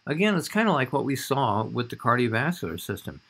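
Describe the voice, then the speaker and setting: A man's voice: medium pitch, very animated, fairly quick, gravelly, a bit bright, breathy edge. A man giving a recorded anatomy lecture over slides, talking in a conversational way and often checking in with "all right?".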